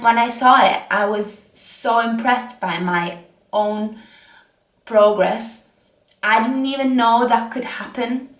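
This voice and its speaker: A young woman with an Italian accent giving casual fitness advice from home, chatty and self-mocking with rambling asides. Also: a little high. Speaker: fitness vlogger. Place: home, seated on a chair. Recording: echoey room.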